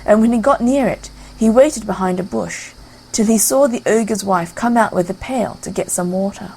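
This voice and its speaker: Woman reading a fairy tale out loud, breathy husky voice, storybook vibe. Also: medium pitch, normal speed, rough recording. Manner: lively read-aloud storytelling. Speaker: narrator. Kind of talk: storybook narration.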